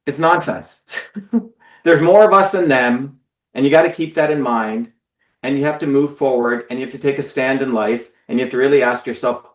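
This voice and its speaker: A man's voice: medium pitch, normal speed, echoey room. A man hosting a live stream, giving a blunt, profane, emphatic political monologue to viewers. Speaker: host of a live call-in stream.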